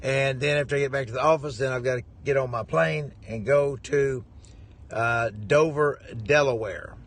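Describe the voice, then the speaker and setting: A man's voice: mid-range voice, moderate pace. A man, a preacher, telling a rambling, jovial story to his viewers with lots of chuckling. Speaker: preacher and ministry head.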